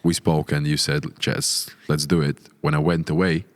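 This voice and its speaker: Deep, flat-voiced Latvian-accented host. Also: male voice. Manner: hesitant, halting speech. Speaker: podcast host. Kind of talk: casual interview chat.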